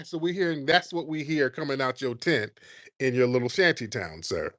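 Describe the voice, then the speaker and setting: A man's voice: mid-range voice, lively intonation, moderate pace, a bit bright, no echo, clean studio sound. A man hosting a live call-in chat, mocking and taunting his callers, calling them "sir". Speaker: host.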